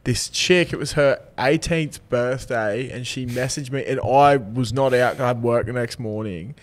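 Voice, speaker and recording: A young man, co-hosting a casual podcast chat and telling a sweary, animated story. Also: mid-range voice, measured pace. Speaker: podcast co-host.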